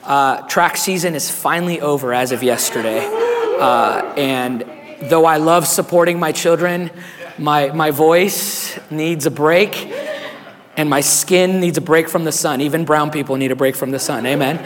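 A man preaching a sermon as pastor, hoarse and raspy, animated and calling on the congregation to respond. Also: fairly high pitch, measured pace, big-room sound.

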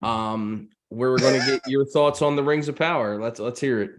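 A man's voice: medium pitch, moderate pace. A man co-hosting a podcast, talking bluntly and swearing freely in casual chat. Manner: profane, blunt storyteller. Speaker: podcast co-host.

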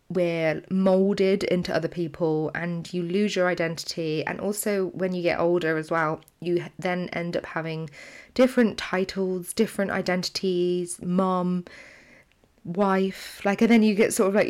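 A woman co-hosting a podcast in casual chat, talking freely and laughing often. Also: lowish voice. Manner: chatty, laughs often, uses "like" a lot. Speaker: podcast co-host.

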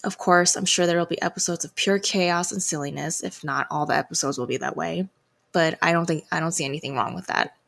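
A woman's voice: on the low side, fairly quick, gravelly, fairly bright tone. A woman in her twenties hosting her own podcast, reading a reflective solo intro with a slightly hesitant delivery. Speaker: podcast host.

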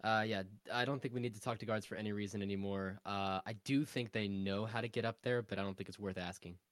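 A man's voice: on the low side, fairly even intonation, fast talker, clean tone, no room sound, clean studio sound. A man playing a tabletop game, chatting casually with lots of fillers. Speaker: player.

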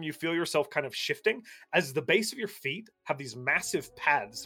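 A man's voice: medium pitch, a bit bright. A man running a tabletop game as dungeon master, describing the scene with fillers and easy laughs.

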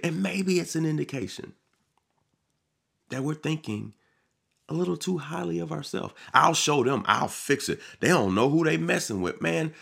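A man delivering a sermon on his podcast, preaching with animated swings and acting out quoted voices. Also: medium pitch, gravelly.

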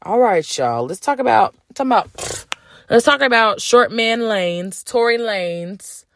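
A woman's voice: fairly high pitch, expressive, unhurried, a bit bright, dry recording, clean studio sound. A woman hosting a casual celebrity gossip podcast, brash and profane, ranting and joking. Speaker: podcast host.

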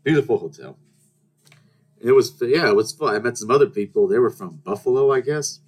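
Joking and rambling through his stories, this young man hosts a podcast in a mid-range, slightly rough voice with a darkish tone. He speaks fairly quickly and expressively, with restarts and mock-outraged rants throughout his casual monologue.

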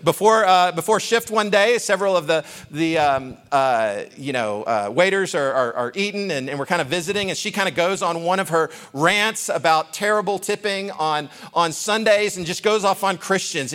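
A man's voice: high-pitched, expressive, fairly bright tone. Conversational man preaching a sermon. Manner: conversational, halting with many fillers and restarts. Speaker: guest preacher. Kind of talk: sermon with personal story. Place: church sanctuary.

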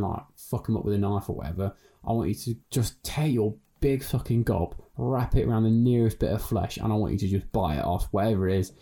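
A man's voice: on the low side, creaky, mellow. A man co-hosting a crude comedy podcast, rambling and swearing in jokey banter. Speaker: podcast co-host. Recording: talking into the wrong side of the mic.

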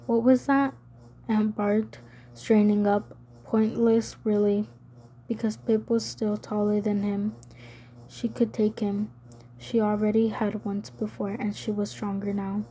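Woman, audiobook narration, mellow tone, slow, flat pitch. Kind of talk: scripted narration.

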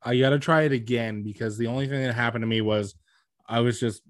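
A man's voice: medium pitch, fairly even intonation, fast, no room sound. Laid-back young man, dry close sound. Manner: laid-back, profane, filler-heavy. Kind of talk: casual chat.

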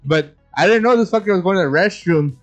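A man's voice: high-pitched, animated, fast talker, faint music behind. A man co-hosting a podcast, telling stories in casual chat, profane and laughing, with lots of fillers and restarts. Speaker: podcast co-host.

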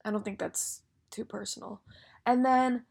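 A woman's voice: fairly high pitch, fairly even intonation, a little slow, gravelly, darkish tone, husky. A young woman telling a story in a casual monologue, chatty and full of filler words and swearing.

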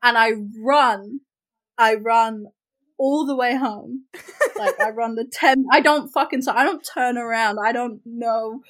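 A woman's voice: fairly high pitch, measured pace, low-quality recording. Frank, chatty New Zealand woman storyteller. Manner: frank, animated storyteller, swears casually and fills with "like". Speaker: podcast co-host. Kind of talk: casual storytelling chat.

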